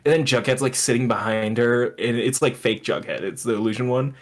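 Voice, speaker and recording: A man's voice: mid-range voice, a little fast. A man co-hosting a casual comedy podcast, retelling a show scene by scene, laughing often and jumping into voices for the characters. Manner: animated storyteller, quoting characters in put-on voices, laughs often. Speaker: podcast co-host.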